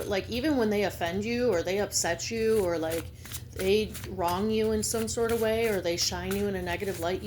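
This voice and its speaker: Woman, spiritual reading, fervent, blunt, halting restarts, mid pitch, faint background noise. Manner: emphatic, halting with many restarts; blunt and fervent, slips into slang. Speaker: intuitive reader.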